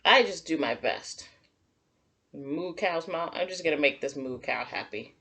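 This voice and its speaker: Woman, kindergarten teacher, unhurried, encouraging, narrating as she draws. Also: low voice, expressive, breathy edge. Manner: gentle, encouraging, narrates while drawing. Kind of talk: drawing lesson for young children.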